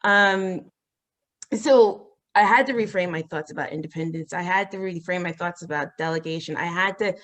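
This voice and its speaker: A woman as an interview guest, telling a personal story in a halting, earnest way with many fillers and restarts. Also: a bit bright. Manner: acts out quoted voices, rising high.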